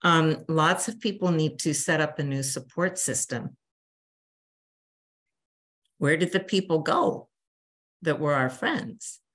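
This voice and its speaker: Speaking slowly with long pauses, this older woman has a voice that sits low. As a bereavement counselor addressing a church grief group, she's warm and chatty, acting out small quotes as she teaches.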